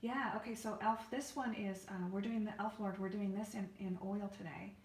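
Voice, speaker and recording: A woman's voice: medium pitch, steady tone, normal speed. Woman artist chatting on a live paint stream, lots of ums, answering viewers. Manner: chatty, answers viewers' comments, many fillers. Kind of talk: casual live-stream chat while painting.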